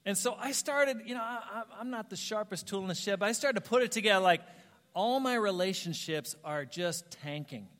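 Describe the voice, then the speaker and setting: A man preaching a storytelling sermon, animated and self-mocking, laughing at his own stories. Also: high-pitched, fairly quick. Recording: long reverb of a large hall.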